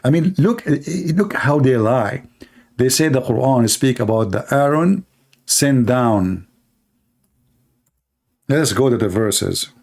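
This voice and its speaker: A man's voice: mid-range voice, expressive, takes it slowly, vocal fry, pauses often, darkish tone. Mocking male commentator, non-native English. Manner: mocking, sarcastic. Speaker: online commentator. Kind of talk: screen-reading commentary.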